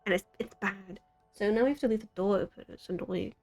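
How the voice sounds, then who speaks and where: A woman's voice: mid-range voice, brisk, a little mellow, soft background music. A young American woman in her twenties, chatting casually on a live stream from her city apartment, rambling and giggling at herself. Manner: rambling, giggly, self-deprecating. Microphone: desk mic.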